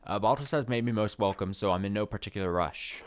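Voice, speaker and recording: A man's voice: fairly low pitch, close to an everyday voice. A man reading a courteous Italian merchant. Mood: polite. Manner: courteous, measured game-dialogue reading. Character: male Italian merchant guest, polite and courteous.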